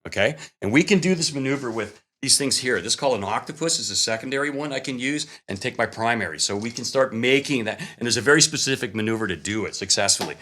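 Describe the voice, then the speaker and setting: A man, a guest, telling a story in a casual, animated way, often laughing and acting out what people said. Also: mid-range voice, fast talker, hardly any pauses. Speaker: guest cameraman telling stories.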